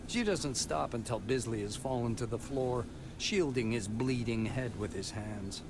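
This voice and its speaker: A man reading scripted narration for a video game in an even, descriptive voice. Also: mid-range voice, a little slow, background noise, close to an everyday voice.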